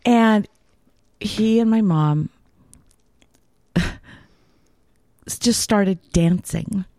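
A woman's voice: medium pitch, very slow, mellow, no room sound, studio quality. A woman co-hosting a podcast, telling a personal story in casual chat. She rambles a little and laughs often. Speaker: podcast co-host.

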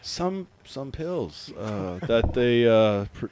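A man imitating a groggy, stoned friend who mumbles slowly and vaguely after surgery. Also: mid-range voice, sing-song, a little mellow, a little hiss or hum, pitched below the performer's own voice.

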